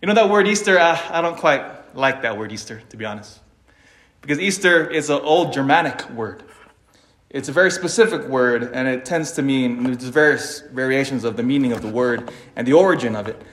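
A man giving a sermon, animated and dramatic, swinging between loud emphasis and quiet asides, with an occasional chuckle. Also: medium pitch, a little fast, reverberant. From Philippines (family). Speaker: preacher.

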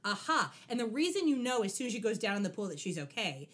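A young adult woman with a somewhat high voice hosts a casual podcast chat. She recaps a TV episode in a wry, animated way, her pitch leaping around as she talks. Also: quick pace, husky. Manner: animated, wry, acts out lines from the show. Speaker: podcast co-host.

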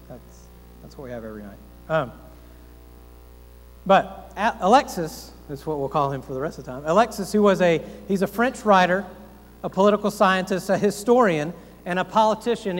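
Earnest folksy man preaching in a reverberant hall. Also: high-pitched. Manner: earnest, folksy, rhetorical questions, self-deprecating asides. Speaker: pastor. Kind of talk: sermon.

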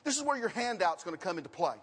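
A man's voice: high voice, very animated, racing, fairly bright tone. A man preaching a sermon and teaching his congregation, with questions and emphatic repetition. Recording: long reverb of a hall.

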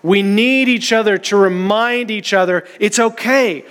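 High-voiced man preaching in an echoing hall. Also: measured pace, fairly bright tone, smooth. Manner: earnest, conversational preaching. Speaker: pastor. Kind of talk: sermon.

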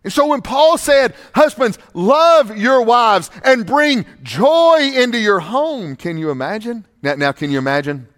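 A man's voice: extremely high pitch, big pitch swings, unhurried, hardly any pauses, a bit bright. A male pastor preaching a sermon emphatically, with repeated rhetorical questions, in a church sanctuary with long reverb.

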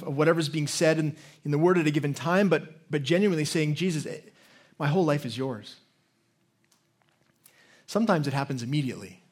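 A middle-aged man preaching a sermon in an earnest way, often restarting words and dropping to a quiet storytelling voice. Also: on the high side. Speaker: pastor.

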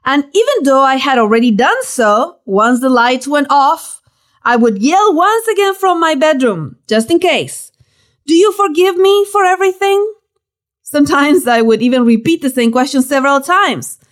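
A woman reading a personal story aloud, with lively storytelling and playful emphasis. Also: high-pitched. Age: young adult. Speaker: narrator.

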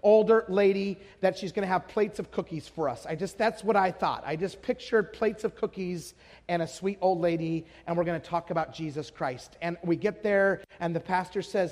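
A man's voice: sits high, moderate pace, big-room sound. A man from Idaho preaching a sermon, telling stories and asking the audience rhetorical questions, building to emphatic declarations.

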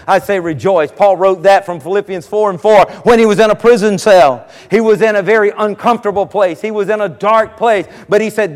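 A man preaching a sermon as pastor, with an emphatic, repetitive preaching cadence. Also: high voice. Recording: long reverb of a large hall.

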